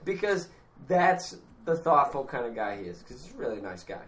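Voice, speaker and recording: A speaker in casual chat, enthusiastic and animated. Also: mid-range voice, moderate pace.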